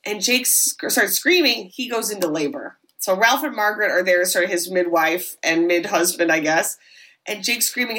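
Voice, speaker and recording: A woman podcast host giving an animated, comedic film recap with swearing and asides. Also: medium pitch, moderate pace.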